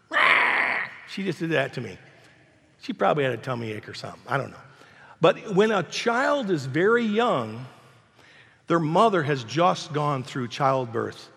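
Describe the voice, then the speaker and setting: A man's voice: on the high side, creaky, a bit bright, slightly rough, big-room sound. An older man preaching a sermon as pastor, emphatic and repetitive, in a church sanctuary.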